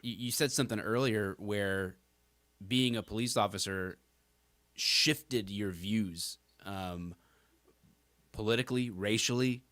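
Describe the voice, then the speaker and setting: A man with a fairly low voice hosts the show, putting questions to his guest in a searching way and building each one up as he goes. The sound is close and dry. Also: slow pace, a bit bright, dry recording. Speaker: host. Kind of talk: interview questions.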